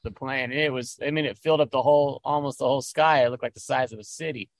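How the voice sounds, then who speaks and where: A male radio guest describing what he saw, slow and awed. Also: medium pitch, steady tone, gravelly. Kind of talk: casual chat on talk radio.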